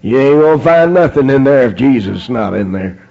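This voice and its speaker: A man's voice: mid-range voice, expressive, brisk, gravelly, dark tone. A man preaching a fervent sermon, dotting his lines with amens and praise God, in a dull lo-fi recording.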